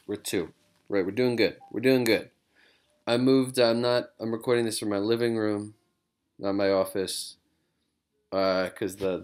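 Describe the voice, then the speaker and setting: A man's voice: lowish voice, a bit bright, a little hiss or hum. A man, a comedian, chatting casually and rambling from his living room, drifting between digressions with self-mocking humor. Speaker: comedian vlogger.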